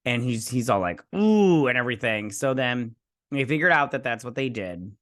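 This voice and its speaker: A man's voice: medium pitch, a little fast, pushed and bright, dry recording, clean studio sound. A man hosting a review show, recapping an episode casually in a rambling way, full of fillers, paraphrasing characters in his own voice.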